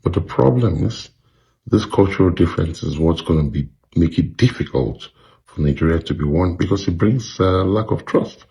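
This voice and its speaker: A man with a very low, gravelly voice that has a dark, mellow tone. He talks through his opinion calmly, reflective and measured, with frequent pauses and fillers. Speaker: commentator sharing opinion. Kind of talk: casual spoken opinion.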